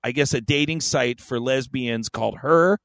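A man's voice: medium pitch, moderate pace, fairly bright tone, no echo. A man co-hosting a podcast, telling a story in a rambling, profane, joking way. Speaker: podcast co-host. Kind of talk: casual chat.

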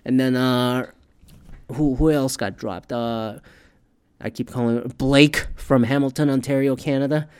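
A man talks in a loose, rambling rant full of swearing. He keeps a middle-range voice for long stretches, then grows loud and heated. His speech is an unscripted, casual chat. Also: mid-range voice, fairly even intonation, measured pace, clear, resonant tone. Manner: profane, rambling, gets loud and worked up. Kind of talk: casual ranting recap.

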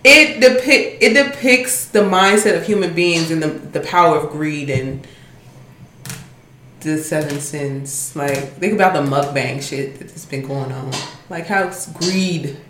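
A woman with a low voice muses reflectively as a podcast co-host in casual chat. Her voice sits in a roomy echo over a faint hiss. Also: measured pace, fairly bright tone.

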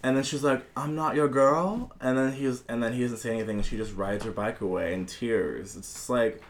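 A man in casual podcast chat about a film, animated and profane, acting out characters' lines as he retells scenes. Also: on the low side, fairly quick.

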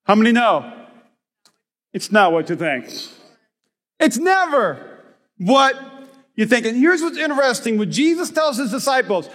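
A man in his thirties preaching a sermon as pastor, animated and joking, rising to shouts for emphasis. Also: very high voice, measured pace. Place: church hall. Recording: reverberant hall.

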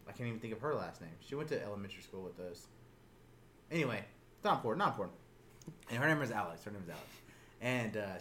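A man's voice: on the low side, slight background noise. A young man casually telling a story to friends, swearing freely and acting out voices with laughter. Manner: animated, swearing, acts out voices loudly while laughing.

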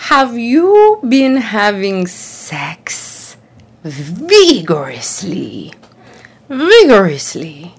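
A woman voicing a kindly, worldly old male doctor with an Australian accent, asking questions in a slow, drawn-out, probing way. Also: mid-range voice, huge pitch swings, slightly rough, pitched above the performer's own voice, heavily acted.

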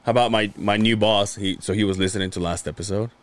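A man's voice: lowish voice, fairly even intonation, quick pace. A man co-hosting a podcast, telling casual profane stories and mimicking coworkers' voices. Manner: profane storyteller, acts out others' voices. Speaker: podcast co-host.

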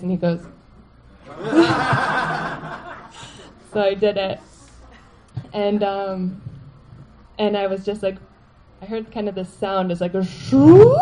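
A woman telling a personal story to a live audience, animated and laughing, full of "like" fillers. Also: mid-range voice, noisy background.

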